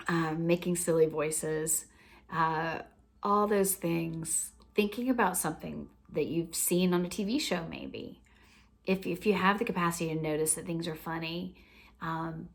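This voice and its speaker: A woman teaching a laughter practice in a gentle, unhurried way, often dropping to a near whisper. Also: fairly low pitch. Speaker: laughter coach. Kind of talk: instructional talk.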